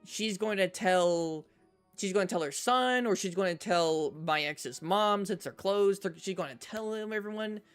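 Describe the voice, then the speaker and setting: A man streaming, telling a personal story to his chat in a casual, animated way, often checking in with "right?". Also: high voice, a little slow, clear, resonant tone, faint music behind. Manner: animated storyteller, repeats himself, says "right?" a lot.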